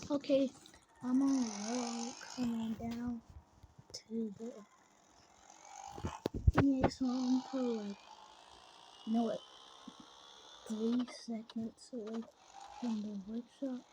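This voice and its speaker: A woman commentating a farm game in a put-on Kentucky accent, chatty and excitable, dropping into whispers now and then. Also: fairly high pitch, slow pace, long pauses, very noisy. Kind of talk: playing a farm game with role-play commentary.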